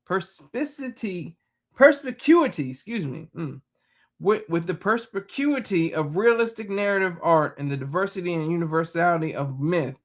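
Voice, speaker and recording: A man's voice: high-pitched, fairly bright tone. A man hosting a casual live chat, reading viewer comments aloud and replying, laughing often and stumbling over words.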